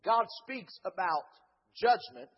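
A man with a very high, husky voice preaches a Pentecostal sermon in a church. He chants and shouts his lines in a rhythmic cadence, punctuating them with "uh". The recording is dull and lo-fi. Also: animated, slow. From Dayton, Ohio.

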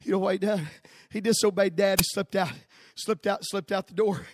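A male pastor preaching a sermon, telling a story and building to shouted calls punctuated with "uh". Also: high voice, steady tone, moderate pace, no echo, studio quality.

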